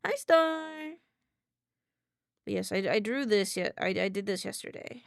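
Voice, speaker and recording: A woman streamer chatting casually and excitably on a live stream, often answering her chat, into a desk microphone. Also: medium pitch, a little fast, vocal fry, no room sound, studio quality.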